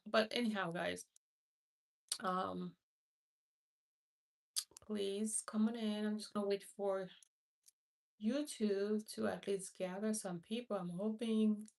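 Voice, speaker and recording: A woman's voice: mid-range voice, creaky, darkish tone, recorded from a distance. A woman from Haiti, a hospice nurse, hosting a casual live stream who rambles, repeats herself and greets viewers by name. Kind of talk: casual livestream chat.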